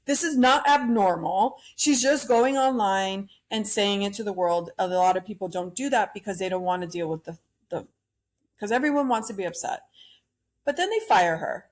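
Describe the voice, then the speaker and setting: A woman's voice: mid-range voice, normal speed. A woman hosting a solo podcast, ranting bluntly and opinionatedly about pop culture and swearing freely. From Cuban-American. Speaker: podcast host.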